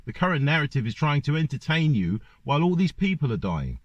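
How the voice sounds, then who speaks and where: A man's voice: fairly high pitch, very animated, fairly quick, no room sound. A man ranting in a monologue to camera, firing off one rhetorical question after another. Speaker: vlogger. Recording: dull lo-fi dry recording.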